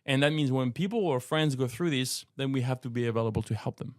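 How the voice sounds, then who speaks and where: A man's voice: mid-range voice, fast talker, dry recording. French guy cohosting a christian podcast, earnest, trips over words a lot, dry sound. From France. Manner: earnest, repeats words while searching for phrasing. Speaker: co-host, apologetics teacher. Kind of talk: casual podcast discussion.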